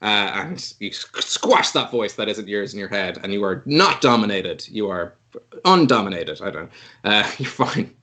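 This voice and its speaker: A man runs a tabletop game as its game master, narrating the scene in a playful way. He often breaks into laughter. His voice sits a little low. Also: very animated, moderate pace, sharp tone. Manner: playful, laughing, voices creatures in short bursts.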